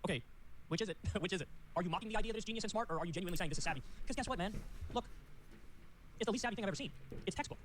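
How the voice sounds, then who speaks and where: A man's voice: high voice, rapid-fire, pauses often, a bit bright, slight background noise. A man commenting on politics in a video, wry and incredulous, joking about what he heard.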